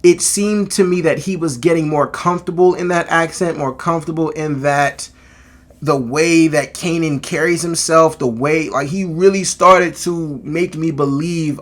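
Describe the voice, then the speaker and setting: A man's voice: fairly high pitch, unhurried. A man giving a casual, emphatic video review of a TV series, swearing freely and getting worked up. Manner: animated, emphatic, profane. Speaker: TV show reviewer.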